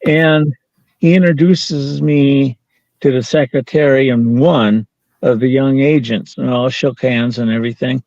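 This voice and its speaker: A man's voice: medium pitch, steady tone, unhurried, darkish tone, dry recording, highs cut off. An older man telling a story as an interview guest, quoting the people in it and laughing now and then. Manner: anecdotal, quoting others in dialogue, with laughs.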